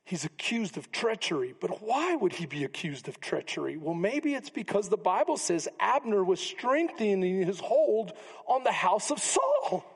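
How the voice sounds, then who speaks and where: A male pastor delivers a lively sermon and acts out the Bible characters with humor. His voice sits high and a little husky. It carries the long ring of a church hall. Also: normal speed. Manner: animated storytelling, acting out quotes with humor. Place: church sanctuary.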